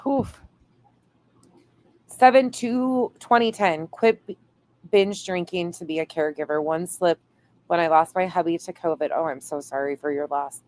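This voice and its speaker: Low-pitched lady, casual livestream host, reading chat and cussing for fun. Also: moderate pace, darkish tone. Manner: reads viewer comments aloud, swears playfully.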